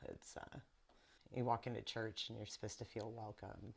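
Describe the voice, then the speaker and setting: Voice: mid-range voice, level tone, normal speed, creaky. Uneasy medium rambling through a church basement. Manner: rambling, filler-heavy, uneasy. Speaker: psychic medium on an investigation. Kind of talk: paranormal walkthrough narration.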